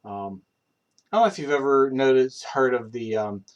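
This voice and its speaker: Casual male streamer, young, rambling talk with frequent fillers, average pitch. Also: normal speed, muffled recording. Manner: rambling, many fillers and restarts. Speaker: streamer practicing accents. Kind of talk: casual live-stream chat.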